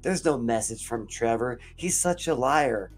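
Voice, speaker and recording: A man's voice: mid-range voice, lively intonation, unhurried, faint music behind. A man voicing an irritated, anxious young woman in a retold horror story. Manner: irritated, questioning.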